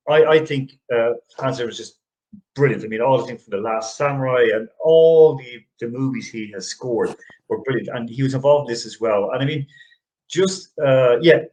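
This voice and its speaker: A man's voice: mid-range voice, darkish tone, low-quality recording. A middle-aged man co-hosting a casual movie review chat, rambling and restarting his sentences. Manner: rambling, restarts often, chuckles. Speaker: podcast co-host.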